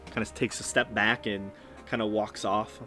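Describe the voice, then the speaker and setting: A man's voice: on the low side, level tone, normal speed, sharp tone, faint music behind. A man narrating a tabletop game as game master on a live stream, descriptive and full of ums and restarts.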